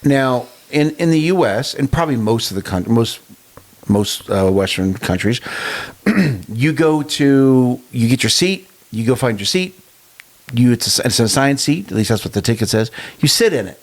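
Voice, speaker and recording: Big-voiced man telling a lively story. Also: medium pitch, moderate pace. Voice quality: storytelling, animated and chuckling. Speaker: podcast co-host. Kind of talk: casual chat.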